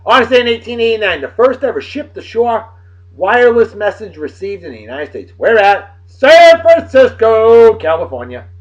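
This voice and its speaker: Sitting high and sounding animated, the man's voice moves briskly as he hosts his casual daily beer video. With a Massachusetts accent from Martha's Vineyard, he reads history facts for the date and throws in crude jokes, all in dull lo-fi audio.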